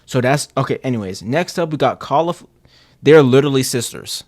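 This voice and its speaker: Male streamer, mid-pitched, casual and profane, rambling with slang and stumbles. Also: animated, brisk, a little mellow. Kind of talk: casual chat.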